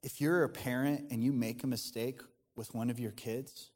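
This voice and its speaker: A pastor preaches in an earnest, conversational way, often stopping and starting his sentences as he thinks aloud. His voice sits at an ordinary middle pitch for a man. The sound carries the long reverb of a church hall. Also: fairly even intonation, moderate pace, a little mellow. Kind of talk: sermon.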